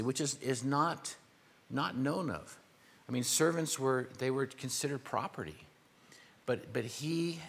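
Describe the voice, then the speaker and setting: An older pastor delivers a conversational, verse-by-verse sermon, explaining what words mean and tossing informal asides to his congregation. His medium-pitched voice has a breathy edge and a long reverb tail.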